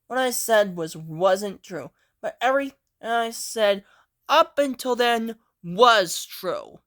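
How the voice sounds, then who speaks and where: Woman playing a fibbing wooden puppet boy, pleading and rambling, bright high voice, swooping pitch. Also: full character voice. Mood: confessing. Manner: pleading, rambling and sing-song. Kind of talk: amateur character voice play.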